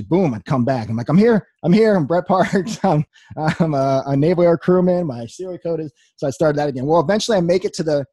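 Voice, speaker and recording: A man's voice: lowish voice, mellow, husky, no echo. A young man telling a personal story to an audience in an earnest way, acting out his own past words with many restarts. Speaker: speaker sharing his story. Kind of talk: personal testimony talk.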